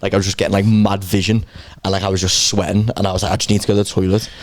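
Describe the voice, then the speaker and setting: A young man, a comedian co-hosting a podcast, telling stories in a halting, self-mocking way. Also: low voice, level tone. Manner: self-deprecating, halting, trailing off. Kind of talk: casual chat.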